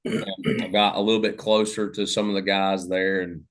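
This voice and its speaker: Southern man, deep low voice, easygoing rambling podcaster telling hunting stories. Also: little pitch movement, moderate pace. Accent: Southern American. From Southern United States. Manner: rambling, many fillers and restarts. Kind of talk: casual storytelling conversation.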